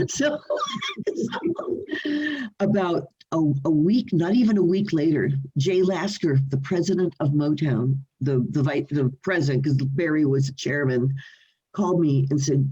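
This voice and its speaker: An older woman, a singer and interview guest, telling animated stories from her home over a video call, laughing often and restarting her sentences. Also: sits low, unhurried, breathy edge, lo-fi sound. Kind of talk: storytelling in a remote interview.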